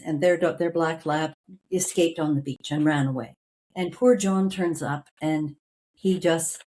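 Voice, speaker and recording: A woman tells a family story on a podcast with lively energy. She acts out the voices of her relatives as she goes. Her voice sits a little low for a woman. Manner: animated anecdote telling, acting out family members' lines. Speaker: podcast guest. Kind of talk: storytelling in an interview.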